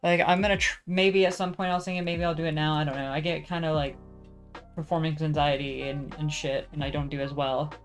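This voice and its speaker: A woman's voice: low-pitched, steady tone, brisk, soft background music. A young woman chatting casually on her vlog, rambling, self-deprecating and swearing freely with lots of fillers. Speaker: vlogger.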